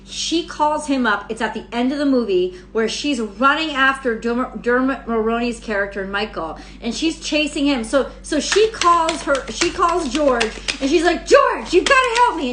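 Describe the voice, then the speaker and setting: A woman's voice: on the high side, fairly bright tone, slight background noise. A woman giving a casual daily tarot reading. She rambles, swears freely and laughs often. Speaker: tarot reader. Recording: roomy echo.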